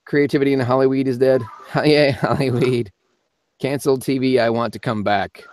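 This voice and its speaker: A man's voice: mid-range voice, fairly even intonation, fast talker, darkish tone. A man hosting a live-stream Q&A as a voice actor, chatting casually and rambling with frequent laughs. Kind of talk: casual live-stream chat answering viewer comments.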